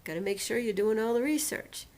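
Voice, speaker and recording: A woman recounting a painful personal experience in a storytelling manner, slowly and deliberately, acting out what was said to her. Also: fairly high pitch, expressive, darkish tone. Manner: emotional retelling, quotes others and herself dramatically. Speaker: personal testimonial speaker.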